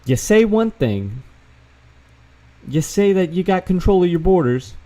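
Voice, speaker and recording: The news-checking vlogger now sounds high and sing-song, a bit slow and warm. He keeps up his casual screen-share commentary, reading articles out and dropping in sarcastic, cursing remarks.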